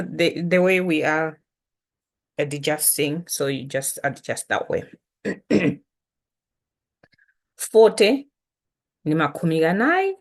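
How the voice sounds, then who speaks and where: A Malawian woman whose first language is Chitumbuka, teaching an online language lesson casually and patiently, repeating words with frequent fillers. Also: lowish voice. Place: home, online session.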